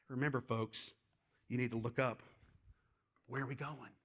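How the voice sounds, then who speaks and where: A man's voice: medium pitch, takes it slowly, long pauses, slightly rough. A middle-aged man preaching a sermon, telling stories with lots of energy and often repeating words as he gets going. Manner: animated storytelling, repeats words when excited. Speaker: pastor.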